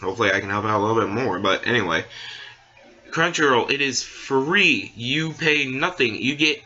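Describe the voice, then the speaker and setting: A man's voice: mid-range voice, expressive, normal speed, sharp tone, highs cut off. A young man ranting casually to camera as a vlogger, rambling along with many fillers and restarts. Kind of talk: casual opinion rant.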